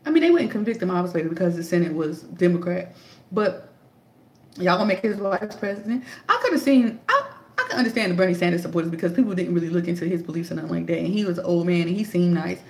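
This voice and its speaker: In an echoey room, a woman in her thirties fires off casual political commentary into a tablet. Her voice is lowish and her intonation lively, and she talks fast, emphatic and sarcastic, throwing out one rhetorical question after another.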